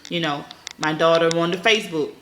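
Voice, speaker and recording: A mother in her thirties telling a story to her viewers, talking fast and bluntly and swearing freely. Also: deep voice, fairly bright tone. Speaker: vlogger, mother. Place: at home. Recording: echoey room, faint noise.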